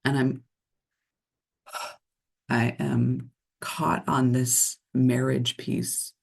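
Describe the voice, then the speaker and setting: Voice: mid-range voice, level tone, gravelly, husky. A retreat leader on a computer video call from a room at home, giving a soothing guided meditation and sharing thoughts with the group. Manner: slow, soothing guided visualization. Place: home room beside an altar.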